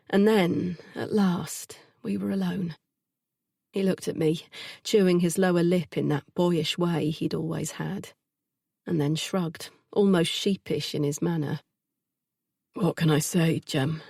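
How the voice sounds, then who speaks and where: Husky, low-voiced woman narrator. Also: mellow, no echo, clean studio sound. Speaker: audiobook narrator. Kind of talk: first-person audiobook narration.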